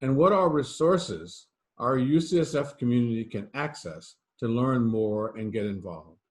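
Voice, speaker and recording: A man, a medical school dean hosting the show, reading prepared introductions and questions smoothly. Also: mid-range voice, measured pace, darkish tone. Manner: reads prepared lines smoothly. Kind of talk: scripted interview questions.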